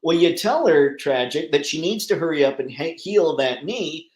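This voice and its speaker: A man's voice: on the high side, animated, moderate pace, echoey room, low-quality recording. Chatty man hosting a live stream. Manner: chatty, rambling, laughs easily. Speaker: livestream host. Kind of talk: casual live chat reading viewer comments.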